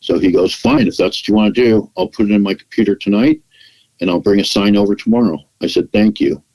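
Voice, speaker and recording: A man with a low-pitched voice tells a personal story as a podcast guest. He lets his voice swing as he acts out what others said and restarts his sentences often. It sounds like easy, unscripted conversation. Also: quick pace, mellow, poor audio. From California, United States. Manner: acts out quoted dialogue in his retelling; frequent restarts and "you know" fillers.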